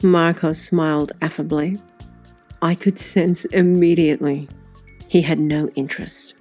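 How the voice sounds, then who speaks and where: Low-voiced woman narrating an audiobook. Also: steady tone, measured pace, pauses often, darkish tone, faint music behind. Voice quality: catty, sarcastic inner voice.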